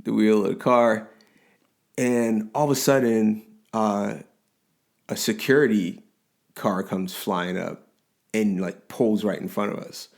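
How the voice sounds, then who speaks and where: A man in his forties co-hosting a podcast, telling a story in casual chat with lively restarts and frequent laughs. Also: on the low side, takes it slowly, vocal fry, long pauses. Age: 40s. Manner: animated storyteller, rambling restarts, laughs often. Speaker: podcast co-host.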